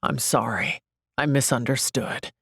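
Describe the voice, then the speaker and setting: A brooding, short-tempered young man from a romance audiobook talks in a low, hard, clipped voice, as a woman narrator puts him on. His lines are deep and sparing. The sound is dry and close. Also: steady tone, unhurried, creaky, a bit bright, slightly rough, no room sound, full character voice. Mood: subdued. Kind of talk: audiobook character voice.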